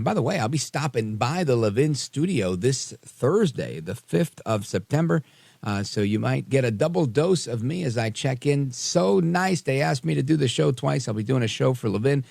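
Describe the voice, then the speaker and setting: Brief: gravelly, dry-sounding talk radio host, casual and sarcastic, heavy on "uh" fillers. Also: male voice, mid-range voice, a little mellow, no echo. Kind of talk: live talk radio commentary. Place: radio studio.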